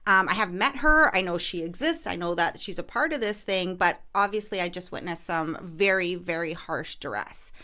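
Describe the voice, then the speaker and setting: A woman's voice: lowish voice, normal speed, hardly any pauses, bright, forceful tone. A woman podcast host and realtor telling a story in casual chat, full of fillers and restarts. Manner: chatty, lots of fillers and restarts.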